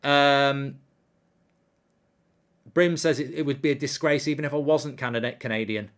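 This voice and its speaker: A man's voice: mid-range voice, moderate pace, clear, resonant tone. A man hosting a live football watchalong, reading out viewer comments and ranting indignantly about refereeing calls. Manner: animated, indignant rants, reads viewer comments aloud.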